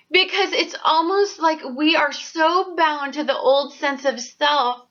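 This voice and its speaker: Blunt, profane, high-voiced woman ranting. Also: a bit bright. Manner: blunt, profane, swings into heated outbursts. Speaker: astrology and tarot vlogger. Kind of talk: ranting spiritual vlog. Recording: dull lo-fi sound.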